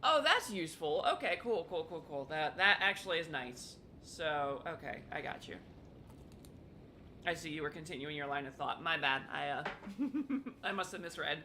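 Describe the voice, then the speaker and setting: Laid-back streamer narrating a pvp match, laughs a lot, mid pitch, noisy background. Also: animated. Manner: chatty, apologetic, quick to laugh. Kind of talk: casual live gameplay commentary.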